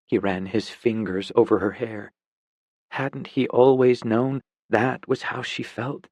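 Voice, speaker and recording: A male audiobook narrator reading a dramatic story at a slow, deliberate pace. His delivery is intense and drops to a hush in the tense moments. The sound is dry and close, with no room around it. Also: mid-range voice, steady tone, dry recording.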